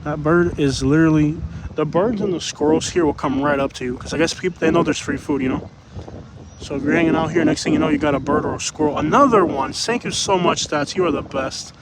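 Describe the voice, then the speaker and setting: Rambling beach livestream host, slightly high male voice, outdoor street noise. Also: fairly quick. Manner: rambling, repeats phrases, laughs often. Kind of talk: casual livestream chat reading comments. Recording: outdoor noise, passing vehicles.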